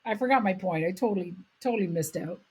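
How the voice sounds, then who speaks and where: Husky-voiced Canadian woman telling stories. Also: on the low side, quick pace, poor audio. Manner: animated storyteller, swears freely, laughs mid-story. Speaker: podcast host. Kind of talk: casual chat.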